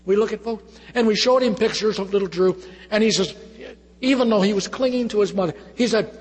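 A middle-aged male pastor preaching, his voice somewhat husky and pitched a bit high for a man. He swings from forceful emphasis down to near-hushed lines. The sound carries a long reverb from a large church hall. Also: a little fast. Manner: emotional, swings between loud emphasis and soft hush. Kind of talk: sermon.

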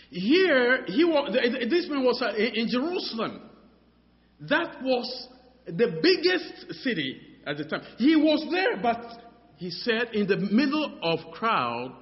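A man preaches with a high, lively voice that swings up and down, stumbling over his words and repeating them as he builds his points. The sound is dull and muffled, carried through a long hall reverb. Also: takes it slowly. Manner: animated, repeats words, many fillers; acts out dialogues in his story. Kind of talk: sermon.

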